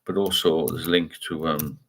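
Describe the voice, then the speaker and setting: Low-voiced rambling man. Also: fairly even intonation, normal speed, background noise. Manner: rambling, reads out viewer comments. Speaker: livestream host. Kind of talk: casual livestream chat.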